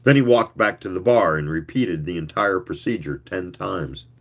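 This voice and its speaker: A man giving a live reading of a story in a slow, measured storytelling manner. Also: deep voice. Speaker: reader.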